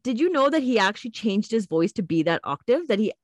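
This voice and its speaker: A woman co-hosting a podcast in casual chat, animated and laughing often. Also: a little high, brisk, no room sound. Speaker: podcast co-host.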